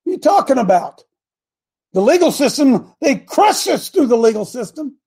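A man's voice: very high voice, sing-song, normal speed, gravelly, darkish tone, husky. A middle-aged man hosting a call-in talk show, preaching and scolding his listeners in a combative way.

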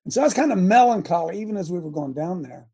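A man hosting a talk show in a preachy, rambling rant. He swings from loud outbursts to low asides and restarts his sentences often. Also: expressive, quick pace, husky. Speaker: show host.

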